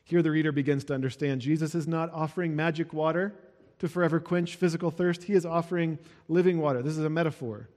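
Male pastor, fairly high voice, chatty sermon delivery, long hall reverb. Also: steady tone, fast talker, darkish tone. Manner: explains verses with a casual, conversational aside.

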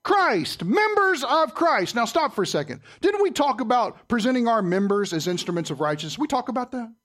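A man preaching a sermon in church, quizzing his listeners and swinging between loud and soft. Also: extremely high pitch, sing-song, brisk. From Southern United States. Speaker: pastor.

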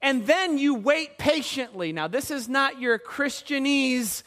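A man preaching a sermon as pastor, animated and putting questions to the congregation. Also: very high-pitched, slow pace.

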